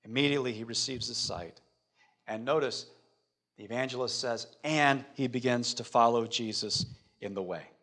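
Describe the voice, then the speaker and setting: A man preaching a sermon dramatically, swinging from loud declarations to hushed words and asking his listeners rhetorical questions. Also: medium pitch, moderate pace.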